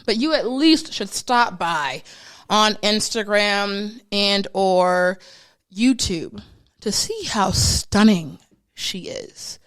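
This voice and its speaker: A woman's voice: medium pitch, animated, slow, a bit bright. Playful hype-talking woman podcast host. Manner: playful, dramatic hype, slangy. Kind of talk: casual chat. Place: studio.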